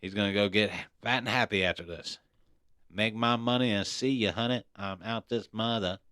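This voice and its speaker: A man's voice: lowish voice, moderate pace, pushed and bright, no echo, clean studio sound. A man mocking a smug fighter cashing out. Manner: smug, flippant.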